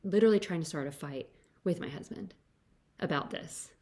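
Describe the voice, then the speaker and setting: Young adult woman, low-pitched podcast host, casual rambling storyteller with constant "like" fillers. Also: fairly quick, warm tone. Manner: chatty, fills every phrase with "like".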